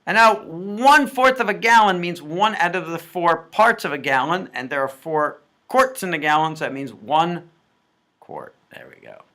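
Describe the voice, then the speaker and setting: In this playful homework walkthrough, a jokey man talks aloud through each math step. He has a fairly high, sharp-toned voice with lively intonation and moves at a moderate pace.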